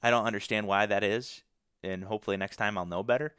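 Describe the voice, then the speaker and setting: A man's voice: on the low side, steady tone, quick pace, fairly bright tone, clean tone, no room sound, clean studio sound. Rambling young man telling a hunting story. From Michigan. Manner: rambling, many fillers and restarts. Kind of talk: casual storytelling.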